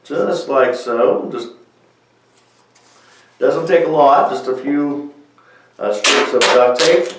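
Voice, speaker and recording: A man's voice: medium pitch, takes it slowly, pauses often, distant mic, slight background noise. Man explaining a craft in echoey room. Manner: friendly step-by-step explaining with fillers. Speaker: children's music show host. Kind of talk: craft demonstration for kids.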